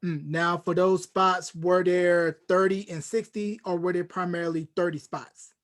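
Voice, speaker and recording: A man hosting a podcast, asking measured follow-up questions. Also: high voice, steady tone, fairly bright tone. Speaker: podcast host. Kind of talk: casual interview questions.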